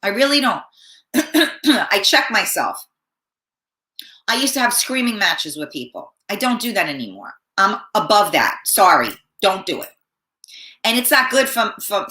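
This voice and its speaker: A middle-aged woman hosting a talk show, hoarse and often clearing her throat, rambling in a blunt, profane, casual way. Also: mid-range voice, bright, forceful tone, reverberant. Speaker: host. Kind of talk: casual chat.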